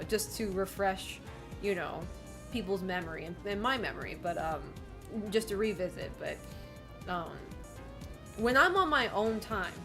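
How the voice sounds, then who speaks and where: A young woman streaming from home, chatting casually with her viewers in a rambling, giggly way and swearing freely. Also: medium pitch. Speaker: game streamer. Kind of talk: casual chat with live chat.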